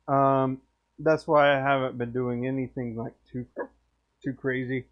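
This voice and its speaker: A man's voice: medium pitch, little pitch movement, a little slow, highs cut off. A man signing off his workshop live stream in a rambling, friendly way, tipsy and hiccuping. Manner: rambling, friendly, slurs thoughts. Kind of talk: casual live-stream sign-off chat.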